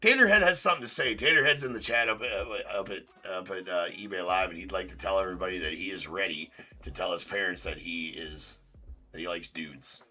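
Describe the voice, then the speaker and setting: A man hosts a live card break stream in a low, brisk, pushed and bright voice. He chats casually and teases viewers in the chat with loose, rambling banter, laughing often and using plenty of filler words.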